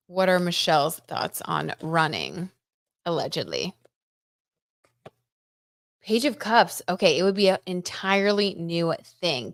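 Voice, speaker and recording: A young woman hosting a casual live-stream tarot reading, chatty and excitable, reading out viewer comments and reacting with frequent exclamations. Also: fairly low pitch, dry recording, clean studio sound. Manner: chatty and excitable, lots of "oh my god" and "like".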